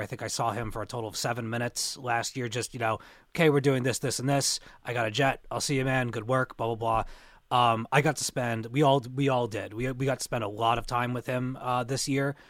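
A man's voice: mid-range voice, fairly bright tone, no room sound, clean studio sound. A young adult man co-hosting a podcast, rambling through convention stories with many restarts. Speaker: podcast co-host. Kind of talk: casual podcast chat.

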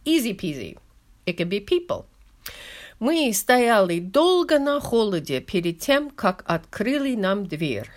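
Lady hosting a language lesson, slow and careful, voice goes up and down a lot, dry jokes. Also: mid-range voice, sing-song. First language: English. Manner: wry, dry humor. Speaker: language column host. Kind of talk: scripted language lesson narration.

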